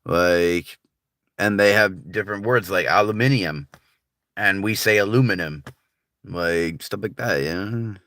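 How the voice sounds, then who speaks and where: A man's voice: deep voice, a little slow, a bit bright, no room sound, clean studio sound. A man with a General American accent, chatting casually on a livestream in a laid-back, rambling way full of filler words. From United States.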